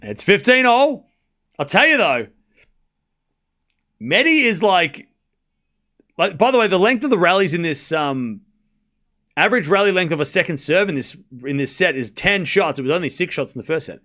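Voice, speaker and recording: A man hosting a live tennis watchalong stream, giving rapid play-by-play calls and joking sarcastically with his chat. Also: high voice, very animated, bright, forceful tone. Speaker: stream host and commentator.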